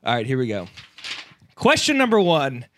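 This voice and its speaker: A man co-hosting a casual podcast, reading quiz questions in a relaxed, teasing way. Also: medium pitch, normal speed, slight background noise.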